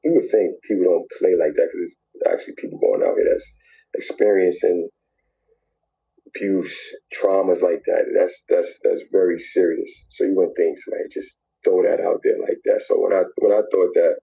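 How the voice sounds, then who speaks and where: A man's voice: low-pitched, normal speed, vocal fry, mellow, breathy edge, low-quality recording. A man telling an emotional personal story in a played clip, repeating phrases and dropping to near whispers.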